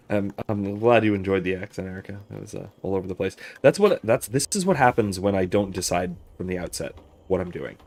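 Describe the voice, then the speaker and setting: A man's voice: sits low, lively intonation, fairly quick, creaky, darkish tone. A man hosting a live game-play stream, chatting and thinking aloud in a self-deprecating way. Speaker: host. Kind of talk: casual game-play commentary.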